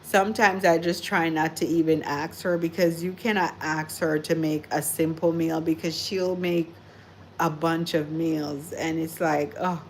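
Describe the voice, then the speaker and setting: Chatty low-voiced woman livestreaming. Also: flat delivery, a little slow, a little hiss or hum. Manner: chatty and rambling, heavy on "like" and "you know". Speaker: livestream host. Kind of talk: casual livestream chat.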